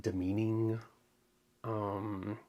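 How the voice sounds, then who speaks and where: A man hosting his own crafting channel, talking casually on a livestream, halting with many ums and close to tears. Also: on the low side, little pitch movement, dark tone. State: tearful.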